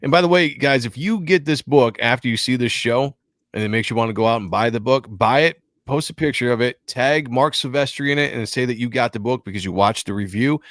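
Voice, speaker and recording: A man co-hosting a casual comic book review show, jokey and animated, often acting out dialogue from the pages. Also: medium pitch, no room sound, clean studio sound. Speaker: podcast co-host.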